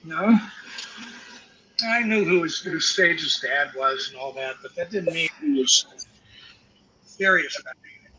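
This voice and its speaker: An older man, a guest actor, telling profane, animated stories about his career to a live audience and acting out the quotes. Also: fairly high pitch, a little slow, pauses often, a crowd in the background, poor audio. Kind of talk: anecdotal storytelling to a live audience.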